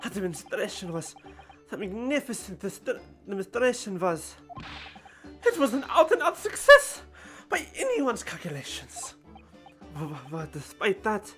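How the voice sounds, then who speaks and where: A streamer voicing an eccentric, excitable older male professor in a deliberately clumsy German accent, stammering with excitement. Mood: excited. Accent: put-on German accent, poorly done. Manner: stammering, overexcited, high and loud.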